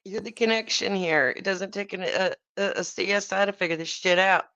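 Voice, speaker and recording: A woman's voice: medium pitch, brisk, bright, forceful tone, no room sound. A woman guest in a casual chat, blunt and profane. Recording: dull, dry lo-fi sound.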